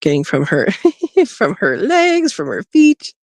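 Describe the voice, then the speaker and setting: Slow-talking woman cooing at her rabbit. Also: medium pitch, huge pitch swings, darkish tone, dry recording. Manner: coos and talks to her rabbit, laughs often. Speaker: homesteading livestream host. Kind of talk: casual live-stream commentary. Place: outdoors by a rabbit hutch. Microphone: phone.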